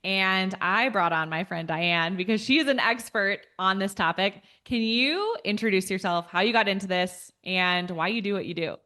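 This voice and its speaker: A woman's voice: mid-range voice, normal speed, few pauses, bright, forceful tone. A woman hosting a podcast interview, speaking in a friendly, conversational way. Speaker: podcast host. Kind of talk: casual interview.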